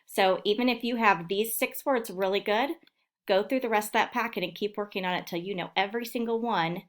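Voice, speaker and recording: A woman teacher giving a recorded phonics lesson to young children, sounding out words slowly and clearly. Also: medium pitch. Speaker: elementary school teacher.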